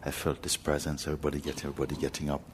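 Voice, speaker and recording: A man who teaches spirituality, telling a personal story to a gathering in a gentle, unhurried way with frequent pauses. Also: very deep voice, completely flat delivery, background noise. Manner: gentle, unhurried, pausing often. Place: talk hall in India.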